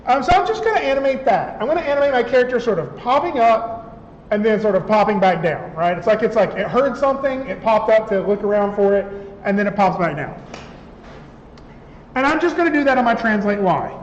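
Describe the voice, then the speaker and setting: A high-pitched man teaching a class in a conversational way, often checking with the room. The sound is echoey with a long reverb tail, a dull lo-fi quality and faint room noise. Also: animated, a little fast. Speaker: instructor. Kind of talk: classroom software lecture.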